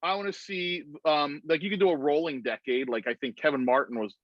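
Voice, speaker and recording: A man's voice: a little high, fairly quick, no room sound. Rambling man on a muffled video call. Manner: rambling, animated retelling with many "like"s. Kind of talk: casual storytelling on a video call.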